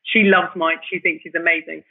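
A woman telling her story as an interview guest, animated and emotional, often restarting her sentences. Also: fairly low pitch, brisk, creaky, breathy edge. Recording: tinny phone-like line.

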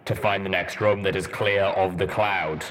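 A man's voice: sits low, fairly even intonation, moderate pace, a bit bright, slight background noise. A man voicing a stoic armored male pony ranger in an audiobook, speaking in firm, commanding lines.

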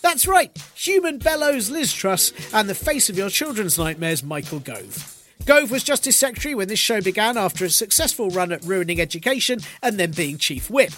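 A man hosting a podcast, delivering a dry, mocking political comedy monologue with quick asides. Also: high-pitched, sing-song, fairly bright tone, soft background music. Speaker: podcast host.

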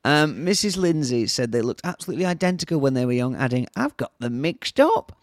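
Jokey northern man with a lively voice. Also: mid-range voice, a little fast, no room sound, studio quality. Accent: Northern English. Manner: animated, jokey, reads news aloud in bursts. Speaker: podcast co-host. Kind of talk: casual chat.

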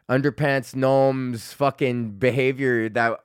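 A man's voice: on the high side, moderate pace, fairly bright tone, no room sound, studio quality. A young man hosting his own comedy podcast, ranting with constant swearing and frequent laughter. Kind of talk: profane solo rant.

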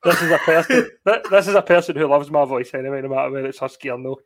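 A Scottish man co-hosts a live podcast in a slightly raised voice that is a touch husky tonight. He laughs through his lines and chats loosely as he reads out viewer comments. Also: a little high, fast. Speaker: podcast co-host. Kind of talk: casual live podcast chat.

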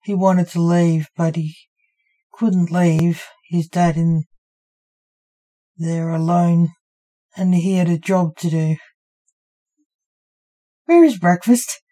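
A woman narrating a short story aloud in a calm, even manner. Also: fairly low pitch, slow, pauses often, rough recording.

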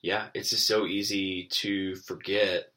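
A man co-hosting a casual Bible study podcast, thoughtful and animated, laughing now and then. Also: sits low, slow. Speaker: podcast co-host.

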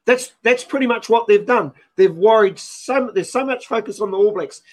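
A man with a high voice cuts into a sports chat. He talks in quick restarts and repeats his words. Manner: interrupting, stammering restarts. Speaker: rugby podcast panelist.

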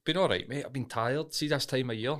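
A man's voice: mid-range voice, fairly quick, a bit bright. Blunt, sweary Glaswegian man. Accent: Glaswegian Scottish. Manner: blunt, heavy swearing, laughs often. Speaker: podcast co-host. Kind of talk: casual chat.

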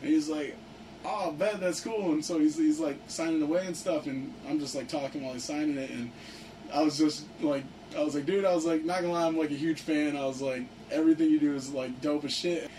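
A young man tells a story to his friends in a loose, excited, profane way, leaning on "like" constantly. His voice sits a little high for a man. He is picked up from a distance, with a faint hiss underneath. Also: a little fast. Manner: excited, profane, heavy use of "like". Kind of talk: casual storytelling among friends. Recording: distant mic with faint background noise.

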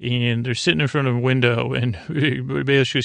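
Guy recapping a show on his podcast, gravelly voice, kinda monotone, ums and restarts everywhere. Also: mid-range voice, moderate pace, no echo. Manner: rambling, hesitant, many fillers and restarts; paraphrases dialogue in a flat offhand way. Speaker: podcast host. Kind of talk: casual episode recap.

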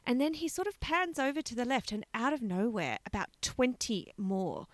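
A woman co-hosting a podcast, chatting casually and telling stories with excitement, laughing often. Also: fairly high pitch, normal speed, dry recording. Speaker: podcast co-host. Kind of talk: casual chat.

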